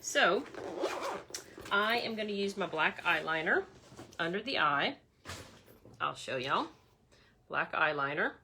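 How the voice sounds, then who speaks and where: Bright-voiced woman demoing makeup. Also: on the low side, slight background noise. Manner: chatty, addresses viewers as y'all. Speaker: makeup demonstrator. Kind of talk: casual makeup tutorial.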